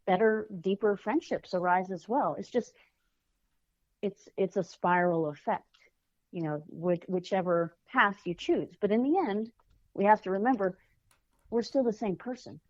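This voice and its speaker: A woman, a children's author, speaking earnestly as a podcast guest and often pausing to find her words. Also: mid-range voice, a little mellow, no room sound, muffled recording. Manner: earnest, searching for words with fillers. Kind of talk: podcast interview.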